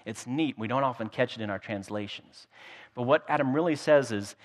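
A pastor delivers a sermon in a storytelling, humorous way, often repeating his words as he goes. His voice is medium-pitched and a little fast, with long hall reverb on the recording.

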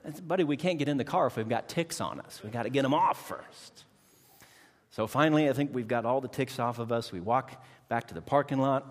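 Pastor guy telling a family story in his sermon, acts out the voices, big hall echo. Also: mid-range voice. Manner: animated storytelling, acts out voices, preachy cadence. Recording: long hall reverb.

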